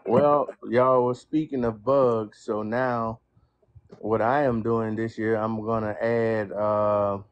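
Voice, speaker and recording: A man who is a guest gardener in a casual live-stream chat, speaking in a measured way with "uh" pauses. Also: lowish voice, flat delivery, smooth, highs cut off.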